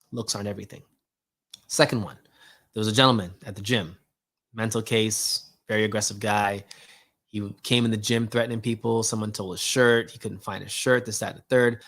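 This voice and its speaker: A man hosting his own show, telling a casual spiritual story in a slangy, animated way and acting out both sides of a conversation. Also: lowish voice. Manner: casual slangy talk, many "like" and "yo" fillers. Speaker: host.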